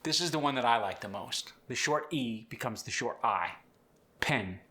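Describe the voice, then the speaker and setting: Male accent coach hosting a tutorial, bright and forceful tone, clear and explanatory delivery. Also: medium pitch, lively intonation, normal speed. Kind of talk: instructional tutorial.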